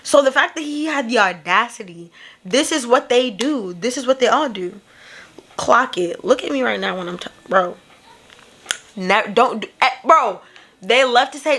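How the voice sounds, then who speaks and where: High-voiced sassy young woman. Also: moderate pace. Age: young adult. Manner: sassy, animated, breaks into laughter. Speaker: reaction video creator. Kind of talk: casual reaction commentary.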